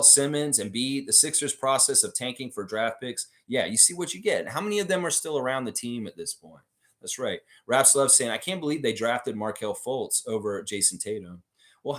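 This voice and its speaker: A man's voice: mid-range voice, a bit bright. Opinionated man ranting on a live stream. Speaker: host of a fan channel live stream. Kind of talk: live-stream sports chat, reading viewer comments.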